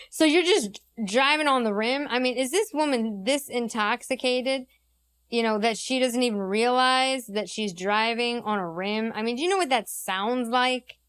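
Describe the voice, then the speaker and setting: A woman's voice: a little high, normal speed, fairly bright tone, smooth. A woman giving sarcastic commentary on bodycam footage, laughing often as she talks. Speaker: reaction commentator.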